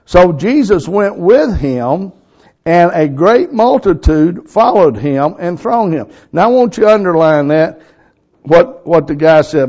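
A man preaching a sermon in a folksy, storytelling way, excitable and quick to laugh. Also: a little high. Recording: lo-fi recording.

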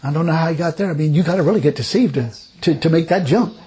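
A man's voice: a little high, quick pace, mellow. A man preaching a sermon, telling stories in a folksy, chuckling way. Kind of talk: sermon with personal storytelling.

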